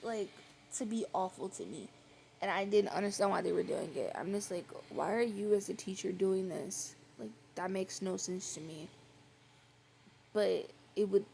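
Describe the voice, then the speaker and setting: Quiet, gravelly young woman vlogging. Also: mid-range voice, slight background noise. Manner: rambling, filler-heavy with frequent "like"; quiet, soft-spoken. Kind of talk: casual storytelling chat.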